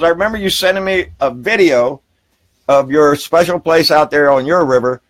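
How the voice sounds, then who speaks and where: A man hosting a live political talk show outdoors by a river, ranting heatedly and with plenty of profanity, then brightening to greet viewers by name. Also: on the high side, moderate pace, no echo. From Texas. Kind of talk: live political rant and viewer shout-outs.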